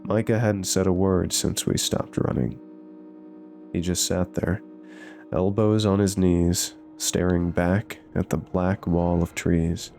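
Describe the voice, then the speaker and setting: A man narrating a scripted horror story with a measured, suspenseful delivery. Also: deep voice, level tone, creaky, dark tone, faint music behind.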